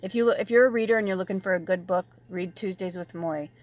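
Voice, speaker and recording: A chatty woman gives a casual spiritual tarot reading in a mid-pitched voice. She is animated and full of fillers, swears freely, and now and then drops to a soft near-whisper. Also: quick pace. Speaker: tarot reader and medium.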